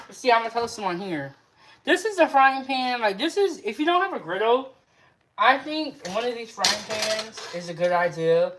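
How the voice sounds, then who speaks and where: Fairly high-pitched and animated, she talks at a moderate pace with some background noise. The young adult host cooks in her home kitchen on a casual livestream, chatty as she reads viewers' chat comments aloud and replies to them.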